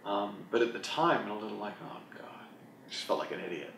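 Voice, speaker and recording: A man's voice: fairly low pitch, animated, fast, creaky, a bit bright, slight background noise. A man, an author and group coach, answering an interview question in a candid, reflective, self-deprecating way. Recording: roomy echo, mic at a distance.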